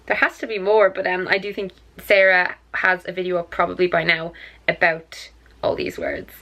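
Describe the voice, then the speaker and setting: A woman's voice: fairly low pitch, level tone, moderate pace, pushed and bright. Irish woman vlogger, twenties, self-mocking casual chat. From Ireland.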